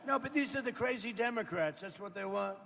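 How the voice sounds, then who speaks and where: A man's voice: high voice, animated, a little fast, creaky, pushed and bright, in a large hall, a little hiss or hum. An older man, a president, giving a rambling off-the-cuff speech to farmers, boasting and turning to the audience with chatty asides. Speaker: president speaking at a farmers' roundtable. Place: indoor roundtable event.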